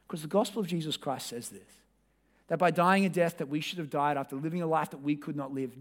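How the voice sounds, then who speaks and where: A man with a high-pitched voice preaches a sermon from the pulpit. He talks conversationally and directly to his congregation, pressing hard on some points and dropping to a near hush on others. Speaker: pastor.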